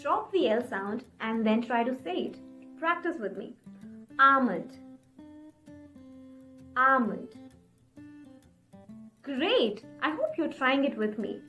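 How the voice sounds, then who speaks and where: A woman teaching English pronunciation in a video lesson, encouraging viewers and repeating words slowly for them to practice. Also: high voice, fairly bright tone. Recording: faint guitar music behind.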